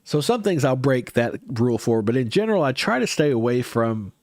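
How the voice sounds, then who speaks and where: A man's voice: medium pitch, very animated, brisk, darkish tone, no room sound, studio quality. Rambling man chatting on a livestream. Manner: rambling, hesitant, frequent restarts. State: stuffy nose. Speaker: livestream host. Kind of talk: casual livestream chat with viewers.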